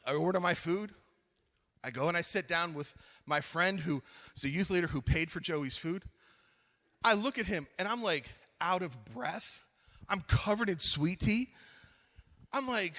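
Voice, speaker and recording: A middle-aged man preaching at a youth conference, telling a funny story with lively acted-out dialogue, then slowing into earnest appeals. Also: sits high, big-room sound. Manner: animated, acts out his own story, then slows to earnest appeals. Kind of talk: storytelling sermon.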